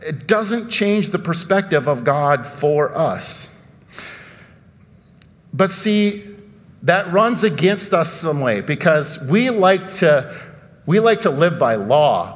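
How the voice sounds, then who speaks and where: High-pitched pastor preaching in an echoey hall. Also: male voice. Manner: animated preaching with emphatic outbursts and rhetorical questions. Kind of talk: sermon.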